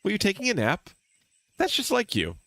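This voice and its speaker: A man voicing a cheerful young female companion, chirpy and teasing, in a high sing-song voice. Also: huge pitch swings, moderate pace, bright, forceful tone, dry recording, exaggerated voice.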